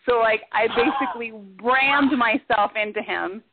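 Animated woman on a tinny phone line. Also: a little high, normal speed, no echo. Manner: animated, acts out shouted quotes. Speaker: guest, former cooking show contestant. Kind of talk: casual storytelling on talk radio.

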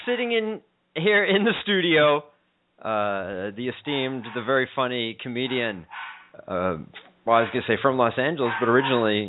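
A man's voice: medium pitch, phone-quality sound, slight background noise. A man hosting a casual talk radio show, rambling and swearing loosely between songs. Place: studio in Los Angeles.

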